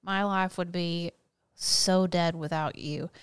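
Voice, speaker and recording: A woman's voice: fairly low pitch, fairly even intonation, slow, clean tone. A woman co-hosting a podcast in casual chat, teasing and laughing often while telling stories. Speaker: podcast co-host.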